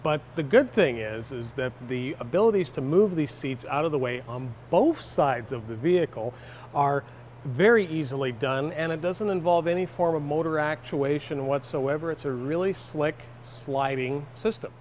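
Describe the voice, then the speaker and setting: A man's voice: a little high, moderate pace, a little hiss or hum. A man with a Canadian accent co-hosting a car review, bantering and joking as he shows the vehicle. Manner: jokey, animated asides.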